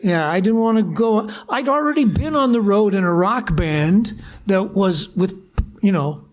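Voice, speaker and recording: An older man from Canada, a guest musician, telling lively anecdotes at a live interview and acting out old phone calls. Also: sits high, measured pace. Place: live bar venue with audience.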